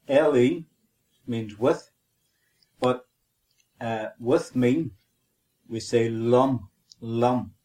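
A man's voice: medium pitch, a little mellow. A man with a Northern Irish accent co-hosting a podcast, teaching a language lesson methodically and spelling and repeating words.

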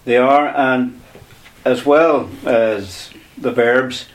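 A man's voice: medium pitch, extremely slow. A man teaching a language lesson on air, explaining patiently step by step and repeating key words.

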